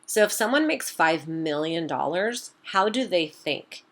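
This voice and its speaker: A woman's voice: lowish voice, lively intonation, a little slow. Emphatic, direct woman business coach. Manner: addresses viewers as "you guys". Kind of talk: motivational talk to camera.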